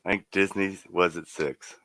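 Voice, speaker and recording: A man's voice: sits low, steady tone, moderate pace, bright, forceful tone, no room sound. A man co-hosting a casual live stream, friendly and chatty as he greets viewers.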